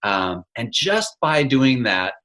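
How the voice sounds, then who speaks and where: A man's voice: medium pitch, very animated, slow, a bit bright, poor audio. A man as an interview guest, explaining in an earnest, teacherly way and checking in with "right?" as he goes. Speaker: guest, arts educator. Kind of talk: casual interview chat.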